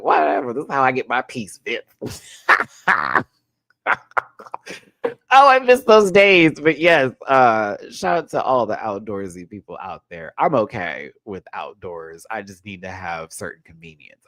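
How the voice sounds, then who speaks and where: A man hosting a casual show recap, telling a personal story with lively, rising excitement. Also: no echo. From Texas. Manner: animated storytelling, jumps high when excited. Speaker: show host.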